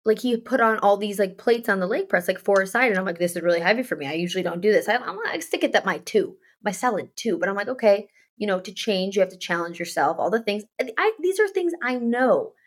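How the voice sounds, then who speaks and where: A woman's voice: medium pitch, lively intonation, fast talker, hardly any pauses. A woman co-hosting a casual chat podcast, telling a long story with many restarts and filler words. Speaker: podcast co-host.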